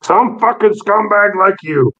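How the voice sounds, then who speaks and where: A man's voice: high voice, a little slow, pitched above the performer's own voice. A man voicing a crude small-town miner who swears constantly and talks down to people. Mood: scornful. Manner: swaggering, profane, drawling. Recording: muffled lo-fi recording.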